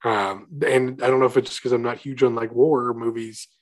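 A man's voice: medium pitch, level tone, brisk. A man co-hosting a casual movie podcast, rambling and hesitant, full of "like" and restarts. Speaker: podcast co-host.

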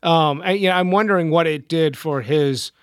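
A man's voice: a little high, normal speed, smooth, no room sound, studio quality. A man in a casual podcast chat, asking curious questions and musing.

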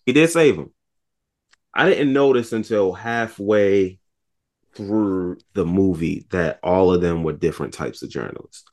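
A man chatting casually about a movie, retelling scenes with animated voices and lots of swearing. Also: low voice, measured pace. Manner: animated storytelling, acts out scenes, swears a lot. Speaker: podcast co-host.

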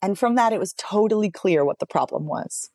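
A woman in her thirties, a voice coach and author, talking in a relaxed interview and telling stories with lively swings in pitch. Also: brisk, dry recording. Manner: animated storytelling, wide pitch swings, expressive. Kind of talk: casual interview conversation.

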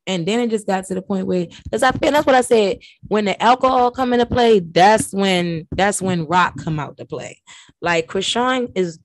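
A woman hosting a podcast, recapping reality TV in brash, profane, animated casual chat. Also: lowish voice, dry recording. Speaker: podcast host.

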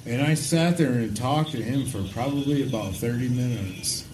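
A man hosting a casual podcast chat, telling stories in a slow, laid-back way. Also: mid-range voice, darkish tone. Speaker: podcast host. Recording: echoey room with noticeable background noise.

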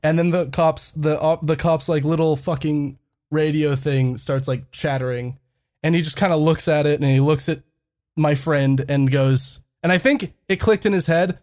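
A podcast co-host tells a story in casual conversation, laughing a lot and swearing freely. His voice is fairly high and steady, with a darkish tone, at a moderate pace.

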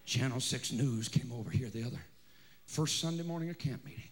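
A man preaching a revival sermon at a camp meeting, shouting with fervent energy. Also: medium pitch, a little fast, slight background noise. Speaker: pastor. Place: large camp meeting gathering.

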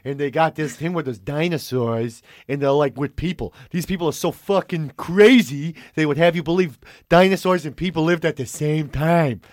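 A man's voice: a little high, normal speed, no room sound, clean studio sound, natural voice. A man putting on a New York accent to play an intense, foul-mouthed comedian friend who rants in exasperation. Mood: scornful. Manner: profane, exasperated ranting.

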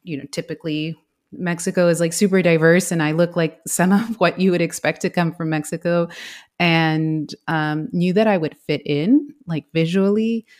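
A woman's voice: fairly low pitch, steady tone, normal speed, a little mellow. A woman in her forties, raised in the United States, talking as a guest in an interview in a reflective way, with many fillers and light laughs. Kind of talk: conversational interview.

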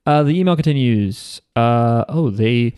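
Man, podcast co-host, casual, halting, deadpan, mid pitch. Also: clear, resonant tone. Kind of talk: casual chat.

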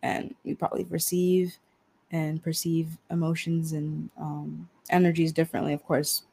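A man's voice: a little high, monotone, normal speed, vocal fry, darkish tone, slight background noise. A man in a casual podcast conversation, chiming in animatedly and swearing casually.

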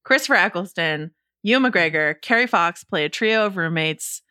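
A woman with a bright, forward tone talks about films with emphatic enthusiasm. The sound is dry and close to the mic. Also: fairly low pitch, animated, moderate pace, clear, resonant tone, no echo. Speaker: podcast host. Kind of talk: casual chat.

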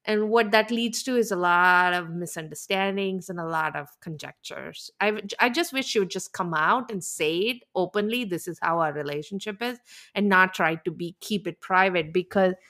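Female podcast co-host, bright tone, opinionated gossip chat. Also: mid-range voice, normal speed. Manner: animated, opinionated, laughs often. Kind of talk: casual chat about reality TV.

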